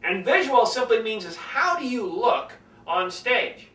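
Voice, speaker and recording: Animated, bright-voiced man teaching speaking. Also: very high voice, measured pace, reverberant, distant mic, rough recording. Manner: animated, demonstrates tones by acting them out. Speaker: public speaking coach. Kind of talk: speaking-skills lesson.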